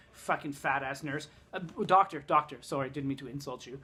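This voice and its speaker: A man's voice: medium pitch, brisk, bright, forceful tone, slightly rough. Rambling, foul-mouthed male vlogger. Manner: rambling, profane, sarcastic. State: in pain from a broken thumb. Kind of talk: casual vlog storytelling.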